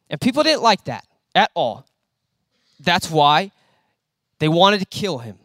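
High-voiced animated young preacher man. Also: moderate pace, long pauses, no room sound, studio quality. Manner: conversational, animated, acts out quotes. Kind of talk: sermon. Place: church hall.

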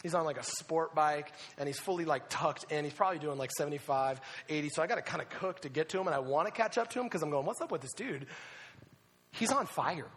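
A young man preaching a sermon to youth, telling a story in an animated way with sudden excited shouts. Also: fairly high pitch, fast, hardly any pauses, long reverb tail, slight background noise. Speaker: youth pastor.

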